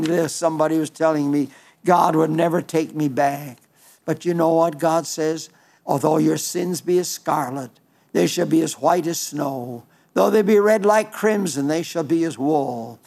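Male preacher, fairly high gravelly voice, earnest sermon delivery with halting restarts. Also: a little mellow.

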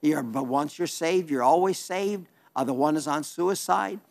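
A man's voice: fairly high pitch, normal speed, creaky, a little mellow. A man preaching on television in a folksy, earnest, plainspoken way, reading viewer letters and asking for support.

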